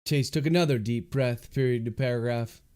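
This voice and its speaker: A man's voice: mid-range voice, moderate pace, darkish tone. An author reading his novel aloud on a livestream, speaking each comma and period as he dictates. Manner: reads out punctuation marks word by word.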